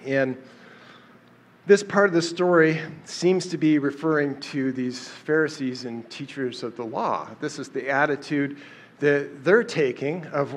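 A man with a somewhat high-pitched voice gives a casual Bible study talk. He talks conversationally, often pausing with fillers and restarting his sentences as he explains the passage. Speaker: Bible teacher.

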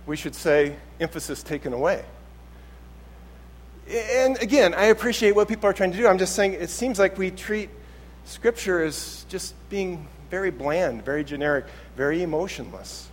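Guy preaching in church, kinda higher voice, chatty and animated. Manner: conversational and animated, acts out quotes. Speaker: pastor. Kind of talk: sermon.

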